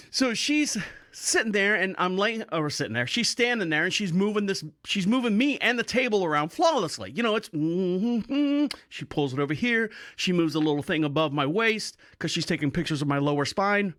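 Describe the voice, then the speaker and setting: A man's voice: sits high, animated, brisk, a bit bright, no echo, studio quality. A middle-aged man hosting a podcast, telling rambling stories in a casual, joking way and often breaking into laughter. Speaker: podcast host. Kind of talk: casual storytelling monologue.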